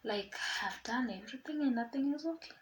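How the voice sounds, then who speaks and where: A young woman vlogger casually telling a personal story, chatty and animated, acting out quoted dialogue. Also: on the high side, brisk, a little hiss or hum, low-quality recording.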